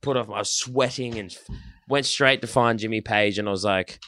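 A man, telling band stories in a casual, animated way, swearing and restarting often. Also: lowish voice, moderate pace, slight background noise. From Australia. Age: 30s. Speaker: band member, guest. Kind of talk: casual storytelling.

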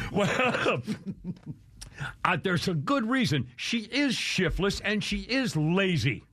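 Animated older male talk radio host. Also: sits high, very slow, long pauses, dry recording. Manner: blunt, animated, jokey with chuckles. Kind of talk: casual talk radio banter.

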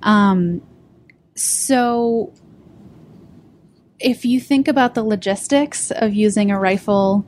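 A woman reporter on a podcast, recounting the details of a case in a measured way, with frequent ums. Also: mid-range voice, a little mellow, slight background noise. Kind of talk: podcast discussion.

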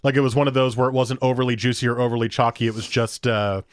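A man's voice: medium pitch, fairly even intonation, quick pace, clean tone, dry recording, clean studio sound. A man co-hosting a podcast, chatting casually about beer and telling rambling stories with acted-out dialogue. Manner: rambling, storytelling, acts out quoted dialogue. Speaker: podcast co-host.

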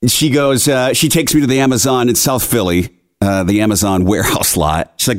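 The young podcast host, a Philadelphia-area man, sounds brisk and steady in his mid-range voice. He's chatting casually while spinning an exasperated rant of a story.

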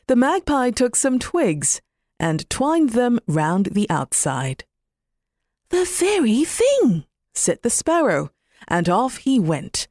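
A woman narrating a children's bedtime story in a gentle, expressive reading. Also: mid-range voice, dry recording, studio quality.

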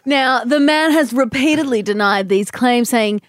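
A woman doing a slow, over-formal mock newsreader voice as a reporter live on the scene. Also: on the high side, heavy background noise, natural voice.

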